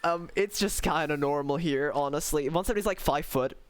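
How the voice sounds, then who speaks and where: A young male streamer whose voice sits a little higher than most men's. He talks to his chat in a loose, playful way, bouncing between teasing and mock outrage and breaking into laughter often. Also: a little fast, smooth. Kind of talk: casual live-stream chat.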